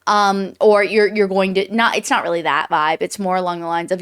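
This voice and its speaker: A woman's voice: mid-range voice, fairly quick, few pauses, smooth. Rambling woman podcast co-host. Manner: searches for words, many fillers and restarts. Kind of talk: casual book club discussion.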